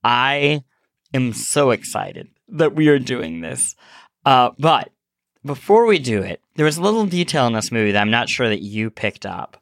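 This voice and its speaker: A man with a sore throat hosting a casual podcast chat, animated and laughing, often restarting his sentences. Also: mid-range voice, moderate pace, no room sound, studio quality. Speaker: podcast host.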